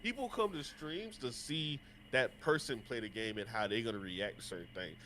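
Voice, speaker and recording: A man's voice: mid-range voice, normal speed, bright, forceful tone, slight background noise. A man with a stuffed-up, nasal voice, a podcast guest talking bluntly and emphatically, swearing casually. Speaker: podcast guest, content creator.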